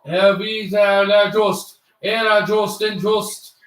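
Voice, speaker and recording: A man doing mock hockey play-by-play on a live stream, calling fast with bursts of shouting and imitating broadcasters. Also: high voice, recorded from a distance. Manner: excitable, rapid calls with bursts of shouting. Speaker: livestream host doing play-by-play. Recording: echoey room, off-mic.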